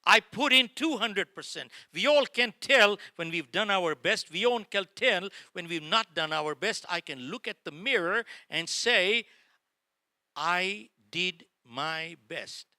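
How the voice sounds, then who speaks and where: Middle-aged male motivational speaker, dramatic storyteller who acts out dialogue and calls the crowd "folks", sharp bright tone, dry close sound. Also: high-pitched, expressive, unhurried, few pauses, dry recording. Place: lecture hall before a live audience.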